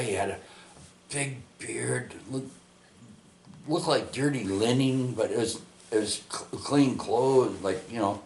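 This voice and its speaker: A man's voice: mid-range voice, a little hiss or hum. A man telling a rambling personal testimony, full of restarts and tag questions like "eh" and "right". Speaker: storyteller giving testimony. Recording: echoey room.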